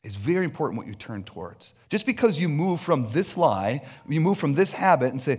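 A man's voice: a little high, sing-song, fairly quick, breathy edge. A man preaching a sermon on stage in a loose, conversational way, acting out little voices as asides. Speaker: pastor. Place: on stage before a congregation.

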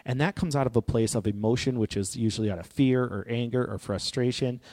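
A man giving a reflective, personal talk in an earnest, gently encouraging way. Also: mid-range voice, fairly quick. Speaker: speaker on grief and healing. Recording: long hall reverb.

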